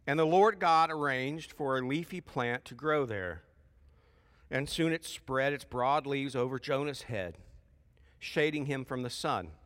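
A man preaching a sermon in a church, lively and emphatic, with folksy asides between loud peaks of emphasis. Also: mid-range voice, in a large hall. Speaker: pastor.

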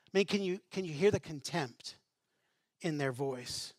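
A man's voice: fairly high pitch, animated, unhurried, no echo, clean studio sound. A male pastor preaching a sermon in a conversational way, asking the congregation rhetorical questions and reading scripture aloud.

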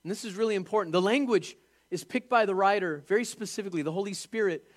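Animated high-voiced male preacher. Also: fast. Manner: animated, emphatic preaching with rhetorical questions. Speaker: pastor. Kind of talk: sermon.

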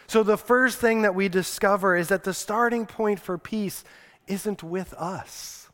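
A male pastor with a notably high voice delivers a conversational sermon, echoing his key lines back for emphasis. His words ring out with a long reverb tail from a church sanctuary. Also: a little slow, fairly bright tone.

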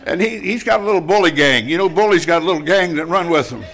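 A man's voice: fairly high pitch, lively intonation, quick pace, creaky, a bit bright. A man in his seventies preaching a sermon, telling a personal story in a folksy, emphatic way and laughing often as he talks.

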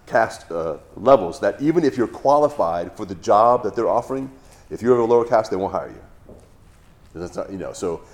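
A man's voice: fairly low pitch, a little mellow. A middle-aged man giving a conversational Bible teaching, telling stories in a rambling, folksy way with many restarts.

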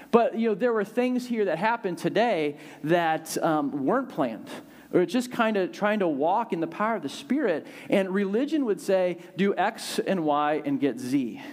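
Animated, chatty man preaching a sermon. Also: high-pitched, normal speed. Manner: conversational, animated preaching with many fillers. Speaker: pastor.

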